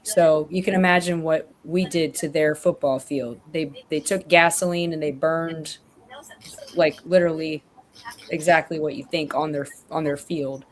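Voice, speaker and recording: A woman's voice: low-pitched, fairly even intonation, normal speed. A woman in casual chat, rambling and correcting herself as she tells stories over a remote call.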